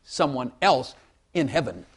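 A man's voice: mid-range voice, very animated, unhurried, slightly rough. A man preaching a sermon in a folksy way, repeating phrases and asking the congregation for amens.

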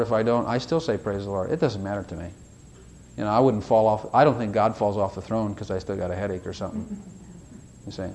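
A man delivers a casual, wandering sermon in a medium-pitched voice. He speaks like he is chatting with the congregation, tossing in rhetorical questions and dropping from sudden loud bursts to quiet asides. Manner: folksy and rambling, with rhetorical questions. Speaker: preacher. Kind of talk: conversational sermon.

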